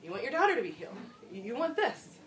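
A woman preaching a sermon in a reflective, personal way, with soft laughs along the way. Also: on the high side, very animated, fast talker, slight background noise. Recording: roomy sound from a distant mic, faint ambience.

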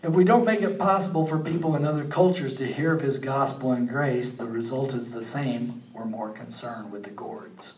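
A man preaching a sermon, animated, rising to emphatic peaks and then dropping low and quiet. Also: normal speed, hardly any pauses, reverberant, far from the mic, low-quality recording. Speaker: pastor.

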